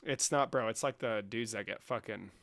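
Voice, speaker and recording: A man's voice: lowish voice, normal speed, fairly bright tone, no echo. A young man from Mexico streaming from his room, talking casually to his chat, swearing, mocking and breaking into laughter. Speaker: livestreamer.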